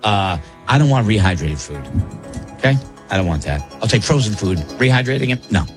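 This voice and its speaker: A man with a somewhat low voice hosts a morning radio show in a studio. He jokes with his co-hosts and tells rambling stories that keep stopping to restart. Music plays softly behind him. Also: animated, brisk. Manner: jokey, rambling, self-interrupting. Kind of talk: casual on-air banter and storytelling. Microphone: studio broadcast mic.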